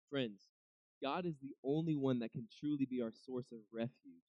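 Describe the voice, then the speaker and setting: A man's voice: medium pitch, a little slow, pauses often, dark tone, dry recording, highs cut off. A young man giving a casual devotional talk, conversational, often acting out what people might say to God. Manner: conversational, acts out quoted voices, many restarts. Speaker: preacher.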